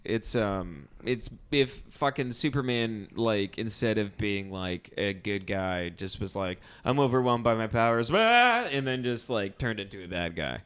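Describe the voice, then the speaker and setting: A young man co-hosting a podcast in casual chat, laughing often and bursting into loud shouted impressions. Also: lowish voice, animated, measured pace, hardly any pauses, clean tone. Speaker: podcast co-host.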